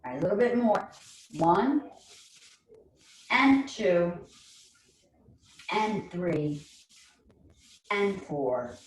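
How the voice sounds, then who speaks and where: A woman with a New York accent leading a guided chair yoga class online, giving slow, soothing cues with playful asides. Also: on the low side, expressive. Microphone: online video call. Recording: roomy, distant mic, faint noise.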